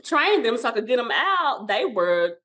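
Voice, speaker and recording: Woman, childcare center owner, casual interview guest, animated and rambling, slightly high voice. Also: moderate pace. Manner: animated, rambling, with restarts and laughs.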